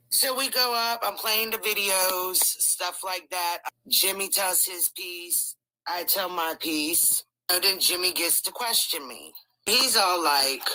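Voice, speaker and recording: A woman's voice: fairly low pitch, expressive, takes it slowly, bright, forceful tone, no room sound, low-quality recording. Emphatic, swearing woman telling a court story. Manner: emphatic, swears freely, acts out quoted voices. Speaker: guest recounting a court case. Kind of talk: animated storytelling.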